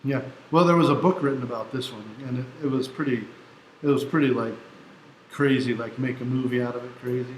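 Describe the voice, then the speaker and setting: A tired man teaching a class, chatty and quick to laugh, often restarting his sentences as he tells a story and works through a problem. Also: mid-range voice, steady tone, a little hiss or hum. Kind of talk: classroom lecture with anecdote. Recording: echoey room with faint ambience.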